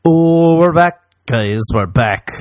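A man's voice: on the high side, slow, no room sound, faint music behind. A man casually telling a rambling, profane story, acting out what he and others said. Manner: rambling, profane, animated quoting of himself.

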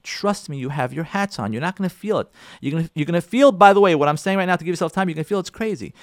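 Emphatic, animated rabbi giving a talk. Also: male voice, on the high side, very fast, no echo, clean studio sound. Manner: emphatic, repetitive, acts out spouses' quarrels. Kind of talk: sermon-style talk on relationships.

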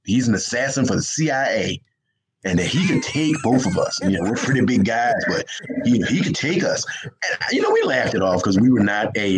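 A man's voice: fairly low pitch, a little hiss or hum, rough recording. A man with a Southern US accent, a guest writer telling a rambling story on a casual interview, laughing often and restarting his sentences.

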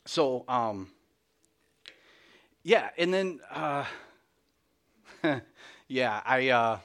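A man's voice: medium pitch, expressive, very slow, fairly bright tone. A middle-aged man giving a candid, self-deprecating personal testimony in church, full of restarts and little laughs. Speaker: lay speaker.

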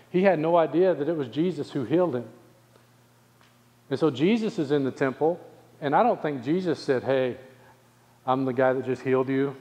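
A man's voice: fairly high pitch, a little mellow. Man preaching in a reverberant sanctuary. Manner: preaching with rhetorical questions and drawn-out emphasis. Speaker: pastor. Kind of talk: sermon.

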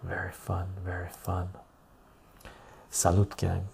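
A man hosting a soft-spoken ASMR live stream, reading out song lyrics from viewers in a slow, quiet way, his voice going rough and cracking. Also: deep voice, monotone, slight background noise.

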